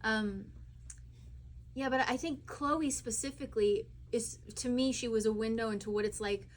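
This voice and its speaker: A young actress woman telling chatty, animated stories with fillers at a live cinema Q&A. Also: a little high, normal speed. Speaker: actress at a screening Q&A. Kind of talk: live Q&A storytelling. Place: cinema auditorium.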